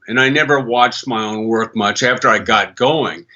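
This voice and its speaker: Bright-voiced older voice actor. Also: male voice, medium pitch, moderate pace, dull audio. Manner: animated storyteller who slips into character voices. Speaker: voice actor guest. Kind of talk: podcast interview.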